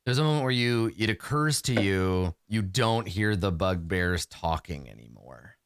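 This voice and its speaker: A man's voice: low-pitched, expressive, unhurried, clear, resonant tone, no echo, studio quality. A man running a tabletop game as game master, loose and chatty, often laughing, with plenty of fillers.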